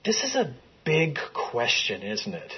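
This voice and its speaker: A man's voice: medium pitch, huge pitch swings, a little slow, highs cut off, a little hiss or hum. A man teaching a Bible class in a classroom, talking conversationally and putting questions to the group. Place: classroom with a screen.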